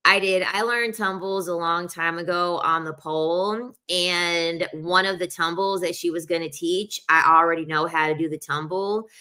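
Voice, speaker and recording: A woman's voice: fairly low pitch, fairly even intonation, normal speed, few pauses, pushed and bright, smooth. A young adult woman talking in a casual, rambling chat, full of "like" fillers and the odd laugh. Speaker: podcast host.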